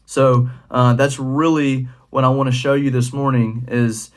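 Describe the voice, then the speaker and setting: A young man talks as a youth pastor giving a short devotional. His voice sits at an ordinary middle pitch. He keeps it relaxed and conversational, with plenty of fillers. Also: measured pace. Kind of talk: casual devotional talk.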